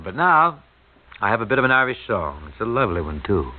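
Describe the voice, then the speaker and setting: A man's voice: fairly low pitch, big pitch swings, fairly quick. A man hosting a radio show, talking in a folksy, joking, conversational way. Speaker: radio host. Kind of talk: chatty radio talk. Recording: tinny old radio broadcast.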